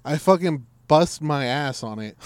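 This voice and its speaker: A man's voice: a little high, measured pace, smooth, dry recording, studio quality. A man telling a story in casual chat, swearing freely and acting out what people said. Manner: profane, animated storytelling with acted-out quotes.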